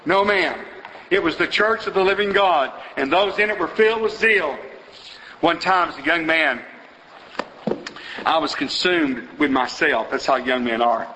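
A man's voice: on the high side, measured pace, pushed and bright, a little hiss or hum. A man preaching a sermon to a congregation, exhorting with rhetorical questions that build to emphatic peaks. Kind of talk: sermon with invitation. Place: church auditorium. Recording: roomy hall reverb.

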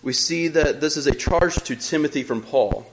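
A young man preaching a sermon in an earnest, measured way, reading scripture aloud between his own remarks. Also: on the high side, a little hiss or hum, rough recording.

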